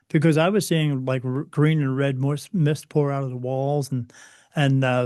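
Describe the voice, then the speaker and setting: A man with a slightly raised voice tells his own story as an interview guest. He speaks earnestly but haltingly, often stumbling over and repeating words. The sound is dry and close. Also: fairly high pitch, darkish tone, no room sound. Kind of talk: personal storytelling.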